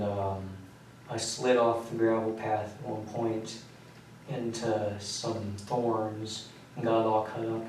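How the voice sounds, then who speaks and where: A young man speaks low and nearly monotone, halting and detached, with frequent pauses and fillers. He sounds far from the microphone in an echoey interview room. A faint hiss sits under the whole recording. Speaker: suspect giving a police confession.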